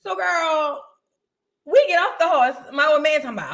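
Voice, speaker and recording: A woman, co-hosting a chat show and telling stories in an animated, slangy way. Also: high-pitched, moderate pace. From United States. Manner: animated, slangy, repeats phrases for emphasis. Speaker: podcast co-host. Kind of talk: casual storytelling chat.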